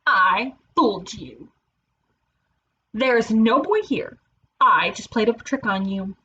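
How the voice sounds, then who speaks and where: A cheeky young wolf from a children's storybook, bouncing through a lively, high voice. A woman reading aloud plays him. The recording is slightly dull, with faint noise. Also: slow pace, heavily acted. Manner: shouts in high panic, cheeky. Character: young mischievous male wolf prankster.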